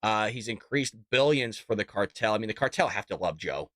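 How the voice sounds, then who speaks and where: A man's voice: fairly low pitch, expressive, brisk, fairly bright tone, no room sound, clean studio sound. A man hosting a casual political commentary show, talking in a mocking, sarcastic way and calling his listeners folks.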